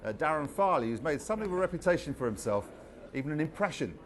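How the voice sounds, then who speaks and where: A male host steers a TV football panel with brisk banter. His pitch swings widely and he moves through his lines at a quick clip. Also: very animated, a little hiss or hum. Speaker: TV sports show host. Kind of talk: presenting a chat show.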